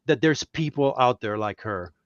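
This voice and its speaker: A man's voice: medium pitch, lively intonation, moderate pace, no room sound, highs cut off. A man from Puerto Rico, a guest cartoonist, telling reflective, heartfelt stories in a casual podcast chat.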